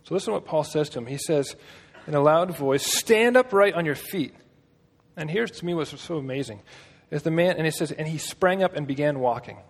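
A man preaches a casual sermon in a fairly high, husky voice, speaking briskly and conversationally while telling stories with joking asides. The hall gives his voice a long, ringing reverb.

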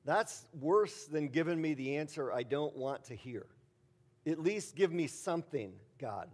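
A man's voice: on the high side, animated, measured pace, a little mellow. Casual, rambling preacher man. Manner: casual, rambling, many fillers, emphatic bursts. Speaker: pastor. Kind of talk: conversational sermon.

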